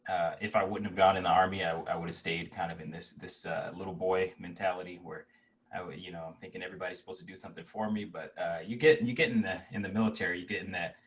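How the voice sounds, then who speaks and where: Deep-voiced young man, rambling casually. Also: fast talker, far from the mic. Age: 20s. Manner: relaxed, rambling with many fillers and restarts. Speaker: guest. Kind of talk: casual interview chat.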